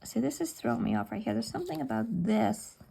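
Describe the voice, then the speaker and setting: Casting note: middle-aged woman, crafting at home, mutters to herself, husky with some vocal fry. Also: a little high, expressive, fast talker, warm tone. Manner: muttering to herself, chatty asides. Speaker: paper crafter. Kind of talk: casual talk while crafting.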